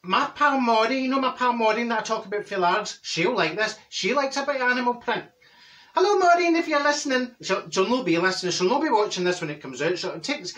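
A man's voice: high-pitched, fairly bright tone, recorded from a distance. A man playing a chatty middle-aged Glaswegian woman with a Glaswegian Scottish accent, rambling through gossip full of asides and restarts in a comic monologue. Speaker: comedy character vlogger.

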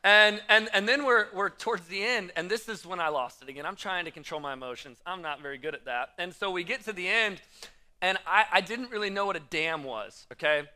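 A young man in his twenties preaching as a pastor, telling a self-mocking story with lots of quick restarts and animated bursts. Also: sits high. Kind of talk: storytelling sermon.

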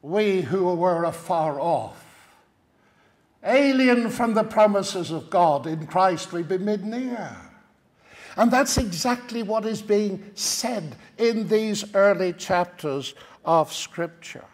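Irish guy teaching the bible, slow and deliberate, fairly high voice, keeps asking "isn't it?". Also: animated. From Ireland. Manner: engaging, with rhetorical tag questions.

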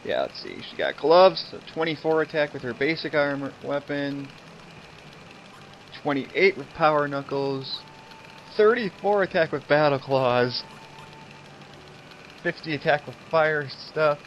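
Young male let's-player, high-ish voice, eager and chatty, dull home mic with game music behind. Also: a little slow, pauses often, slight background noise. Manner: excited, chatty, laughs often, swears. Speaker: game streamer. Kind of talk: casual let's-play commentary.

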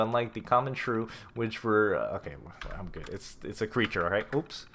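Lively, bright-voiced man streaming a game. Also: on the low side, normal speed. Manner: reacts loudly, swears, reads in-game notes aloud. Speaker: gameplay streamer. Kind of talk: casual gameplay commentary. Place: home room with a cat.

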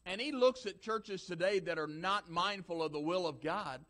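A man's voice: high-pitched, normal speed, fairly bright tone. A man preaching a sermon as pastor, emphatic and repetitive, building force through repeated lines.

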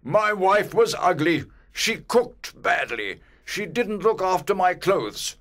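An actor playing a proud, rude old ghost who has not slept for centuries, speaking slowly and haughtily. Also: male voice, high voice, sing-song, fairly bright tone, full character voice. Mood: haughty. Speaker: ghost in a graded reader audio. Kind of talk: scripted audiobook drama.

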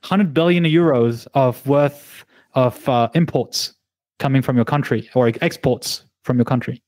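A man's voice: mid-range voice, a little slow, darkish tone, dry recording. A man hosting a casual podcast debate, putting playful mock-serious questions to his guests. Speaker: podcast host and debate moderator.

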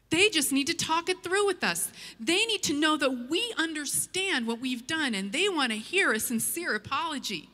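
Bright-voiced woman preaching a sermon. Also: high voice. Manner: earnest, storytelling preacher. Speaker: pastor. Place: church sanctuary. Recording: long church hall reverb.

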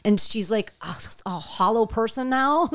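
A woman guest chatting casually on a comedy podcast, laughing often and telling animated stories. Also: fairly high pitch, unhurried.

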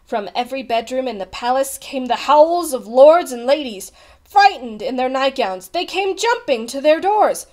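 A woman reading a children's picture book aloud as a storyteller, with expressive, animated delivery. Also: sits high, normal speed.

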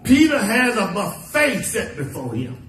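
A high-pitched preacher delivering a folksy sermon, acting out quoted lines with flair. The sound is echoey and picked up from a distance in a church sanctuary, with faint room noise underneath. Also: male voice, lively intonation, a little slow. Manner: folksy preaching with dramatic voiced quotes and humor. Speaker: pastor.

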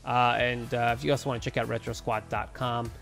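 A man's voice: mid-range voice, level tone, fairly quick, vocal fry, a bit bright, faint music behind. Tired man co-hosting a podcast. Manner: talks in bursts with many restarts and repeated words. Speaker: podcast co-host. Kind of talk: casual chat.

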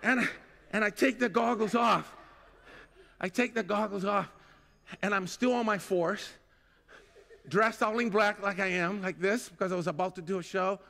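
A man telling a comic story live to an audience, animated and bursting into shouts. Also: sits high, moderate pace, creaky, pauses often, long reverb tail. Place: festival tent with a live audience.

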